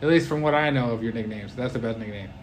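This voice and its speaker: A young man co-hosting a casual podcast, teasing his friend with quick reactions and jokes. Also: mid-range voice. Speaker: podcast co-host. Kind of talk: casual chat.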